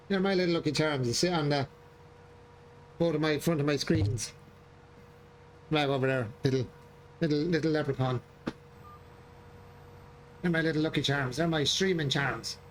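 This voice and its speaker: An Irish man with a slightly higher voice chats casually as he plays a farming game on stream. He jokes around, chuckles and repeats his lines, with a faint hum of ambience behind him. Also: unhurried, pauses often. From Ireland. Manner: joking, chuckling, repeats himself. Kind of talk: casual gameplay chat. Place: home gaming room.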